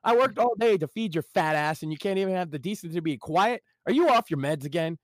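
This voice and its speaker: A man's voice: high-pitched, expressive, fast, dry recording, clean studio sound. Man doing a foul-mouthed scornful brother. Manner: contemptuous, cursing.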